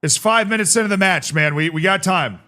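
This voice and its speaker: A man streaming a football management game live, reacting excitably to the match and joking with his chat. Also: high voice, fairly quick. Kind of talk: live gameplay commentary.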